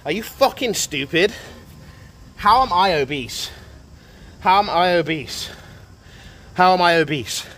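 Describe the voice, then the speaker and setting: A man live streaming in casual banter, brash and boastful, shouting and swearing at his chat. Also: sits high, lively intonation, a little slow, pauses often.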